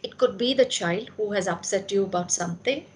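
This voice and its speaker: A woman's voice: medium pitch, fairly quick. Earnest woman addressing parents. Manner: earnest, asks questions and answers them. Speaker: parenting speaker at a school meeting. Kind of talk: talk to parents.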